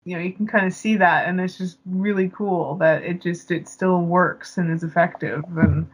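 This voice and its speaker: A woman's voice: fairly low pitch, fairly even intonation, normal speed, slightly rough. A woman co-hosting a podcast, chatting casually about a film with lots of fillers. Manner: chatty, laughs often, many fillers. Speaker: podcast co-host.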